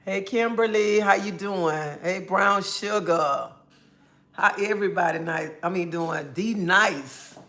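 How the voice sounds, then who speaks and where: A woman hosting a casual livestream, greeting viewers by name and chatting in a relaxed style. She says she feels a little under the weather. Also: on the low side. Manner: greets chat viewers by name, drawn-out friendly talk. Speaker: livestream host.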